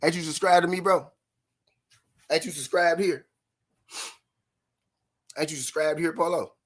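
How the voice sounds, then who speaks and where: Man, live-stream host, taunting banter, repetitive jabs, fairly high-pitched. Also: fairly even intonation, unhurried. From Memphis, Tennessee, US. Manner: taunting, mocking, laughs often, repeats lines.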